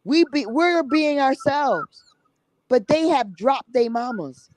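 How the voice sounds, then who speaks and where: A woman's voice: high voice, lively intonation, takes it slowly, a little mellow, dry recording, low-quality recording. Emphatic, blunt-talking woman guest. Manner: emphatic, repeats herself, drops tag 'okay?'; blunt, salty language. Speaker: guest, summit organizer. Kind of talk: passionate conversational talk.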